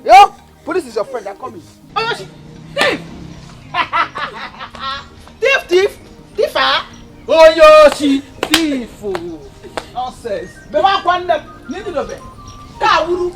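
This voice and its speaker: A scornful young Nigerian woman in a family film drama. The voice sits high and leaps all over in pitch as she jeers and taunts her sister. Her Nigerian accent colours every mocking line. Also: sing-song, slow, pauses often, music in the background, heavily acted. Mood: taunting. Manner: mocking, taunting, swings between shouting and muttering.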